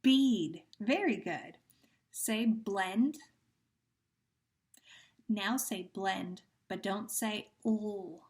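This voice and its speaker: In a phonemic awareness lesson for young children, a woman teacher speaks very slowly, stretching out each word so they can follow. Her pitch is ordinary for a woman, and she leads sound drills patiently, offering gentle praise.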